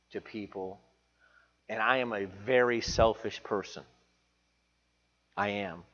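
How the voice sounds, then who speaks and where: A man's voice: on the low side, long reverb tail, highs cut off. A man preaching a sermon to his church, earnest and confessional, repeating phrases for emphasis. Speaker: pastor.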